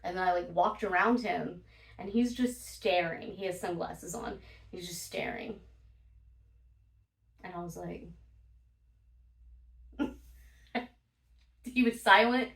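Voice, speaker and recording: A woman's voice: lowish voice, takes it slowly, creaky, long pauses. A woman vlogger telling casual stories, blunt and profane, laughing often as she talks. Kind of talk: casual storytime monologue. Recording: roomy, from a distance.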